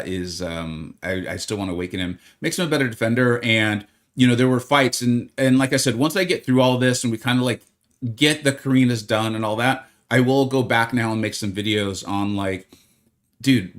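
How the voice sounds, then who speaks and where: A man's voice: fairly low pitch, a bit bright. A man hosting a live game stream, chatting in an upbeat, friendly way and greeting viewers by name as he talks through his plans.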